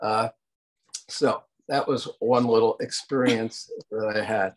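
A man's voice: lowish voice, steady tone, takes it slowly. An older man telling casual anecdotes in an interview, rambling with fillers and acting out quotes along the way. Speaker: interview guest, cartoon producer.

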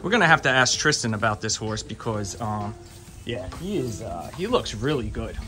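A man hosting a casual walk-and-talk vlog at a racetrack barn, excited and chatty, sometimes stumbling over his words, recorded outdoors on a handheld camera. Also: fairly low pitch, moderate pace, over music. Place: outdoors at a horse barn shed row.

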